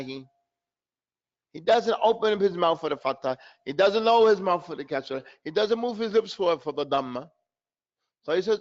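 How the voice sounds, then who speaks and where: A man's voice: a little high, lively intonation, normal speed. A man teaching recitation in a live online class, drilling sounds over and over and mixing Arabic terms into his explanations. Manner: drills pronunciation by repeating sounds. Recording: dull lo-fi online class audio.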